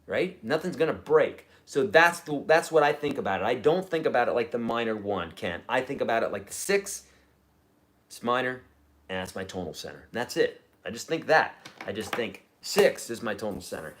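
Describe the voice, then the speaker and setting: A man's voice: mid-range voice, very animated, moderate pace, a bit bright. A man teaching a live-streamed guitar lesson, chatty and explaining, humming riffs as he goes.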